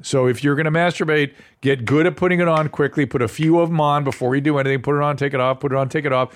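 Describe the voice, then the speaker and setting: Calm, explanatory male show host. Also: on the high side, fast talker. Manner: calm, explanatory, matter-of-fact about sex. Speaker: host and medical advice doctor. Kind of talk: call-in radio advice show.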